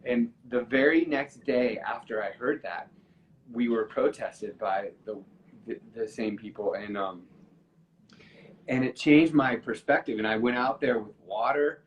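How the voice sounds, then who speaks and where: On a casual live video chat over a phone or computer, a musician with a mid-range male voice tells a story earnestly, growing emotional as he goes. His delivery halts with frequent fillers and restarts. The audio is dull, with a slight hiss or hum.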